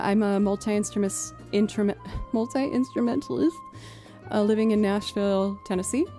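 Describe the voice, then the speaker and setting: A woman in her thirties from outside Boston, New England, a streamer and musician, chats casually and ramblingly with viewers on a live stream, full of fillers. Her Boston accent has a creeping Southern twang, and her medium-pitched voice is gravelly and warm.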